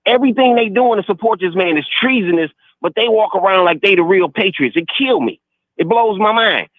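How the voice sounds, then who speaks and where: A man's voice: high voice, expressive, brisk, no room sound. Agitated male caller on a dull phone line. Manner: rambling, repeats the host's name, stammering restarts. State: frustrated and agitated.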